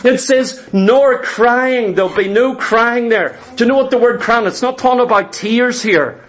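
High-voiced fervent preacher. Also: male voice, normal speed, a bit bright. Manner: fervent, repetitive preaching cadence with rhetorical questions. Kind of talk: sermon.

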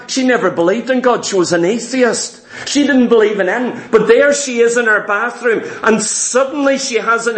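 High-voiced preacher man telling a story. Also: roomy sound. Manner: animated, repetitive storytelling with dramatic slowdowns. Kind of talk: sermon storytelling.

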